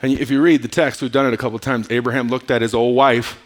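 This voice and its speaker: A man preaching a sermon, swinging from loud, emphatic lines to hushed asides and playful, casual quotes. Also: medium pitch, level tone, fast talker. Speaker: pastor.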